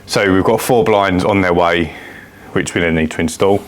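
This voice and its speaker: A low-voiced man co-hosting a podcast. He talks in a relaxed, joking way, as if chatting with a mate. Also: normal speed. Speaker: podcast co-host. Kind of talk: casual chat. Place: large empty unit with echo.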